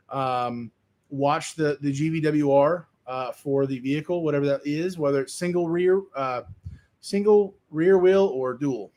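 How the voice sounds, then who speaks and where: A man hosting a casual livestream, reading viewer comments aloud and answering them in a relaxed, rambling way with plenty of fillers and restarts. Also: a little high. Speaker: livestream host answering chat. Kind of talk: casual live chat.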